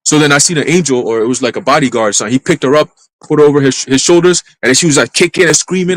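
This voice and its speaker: A man tells a dream as testimony during a church livestream, speaking fast and loose in street slang. He cusses now and then without slowing down. His voice is dry and close, with no room sound around it. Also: on the high side, dry recording, low-quality recording. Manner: brisk storytelling full of street slang and profanity. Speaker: church minister. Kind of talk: casual testimony in a live church stream.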